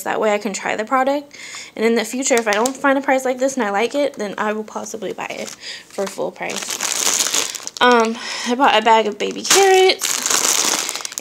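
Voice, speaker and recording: A woman's voice: a little high, vocal fry, background noise. A woman vlogger chatting casually as she shows her grocery haul, filling her talk with ums and asides. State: briefly out of breath. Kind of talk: casual chat.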